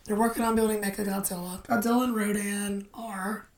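A woman co-hosting a casual movie podcast, recapping plots in a relaxed way. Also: medium pitch, brisk. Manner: relaxed, summarizes the plot. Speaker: podcast co-host.

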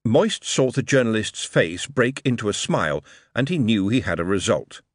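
A man narrating an audiobook in measured, expressive storytelling. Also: fairly low pitch, dry recording, clean studio sound. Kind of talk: scripted narration.

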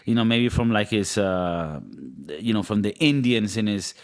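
A man's voice: fairly low pitch, moderate pace, clean tone. Joking, rambling male podcast host. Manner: rambling, joking, slips into mock accents. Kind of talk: casual podcast chat.

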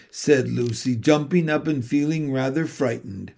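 A man reading a children's novel aloud in a measured, unhurried way. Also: mid-range voice, gravelly, a little mellow. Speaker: narrator. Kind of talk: audiobook reading.

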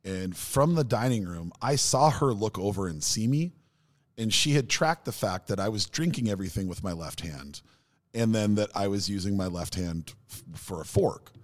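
A man's voice: fairly low pitch, moderate pace. A man co-hosting a podcast, telling stories in casual chat with enthusiasm. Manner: enthusiastic storyteller, animated. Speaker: podcast co-host.

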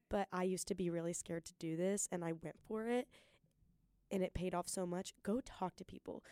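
A young woman hosting a solo podcast, giving an earnest, excited pep talk and talking fast. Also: mid-range voice, no echo, studio quality. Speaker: podcast host.

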